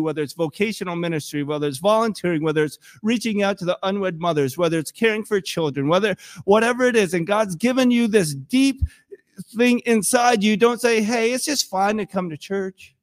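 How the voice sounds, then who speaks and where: A young man preaching a sermon in an animated, conversational way with joking asides. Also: sits high. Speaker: pastor.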